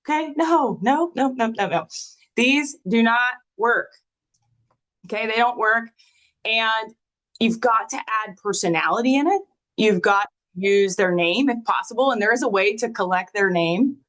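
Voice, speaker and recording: A woman giving a live marketing training in a lively, conversational way, sometimes acting out sample messages in a sing-song voice. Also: fairly high pitch, unhurried, poor audio.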